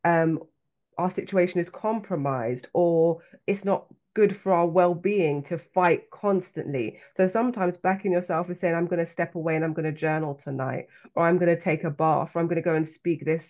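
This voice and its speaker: London woman author with a dull lo-fi sound. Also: fairly low pitch. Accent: London English. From London, England. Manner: reflective, earnest, measured. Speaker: author and coach, guest. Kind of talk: podcast interview.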